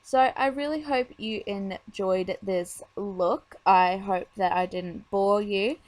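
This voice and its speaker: A woman's voice: medium pitch, no room sound. A woman talking casually over her makeup tutorial, chatty and rambling with lots of fillers.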